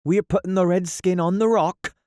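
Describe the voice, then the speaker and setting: A man voicing a bumbling, excitable Irish pirate boatswain in an audiobook. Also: medium pitch, measured pace, a little hiss or hum, pitched above the performer's own voice, natural voice. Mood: flustered.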